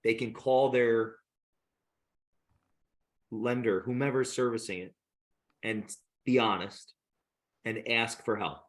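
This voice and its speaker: Mid-pitched man, eager host. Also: steady tone. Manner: interrupts to clarify, quick and apologetic. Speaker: podcast host. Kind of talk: casual interview talk.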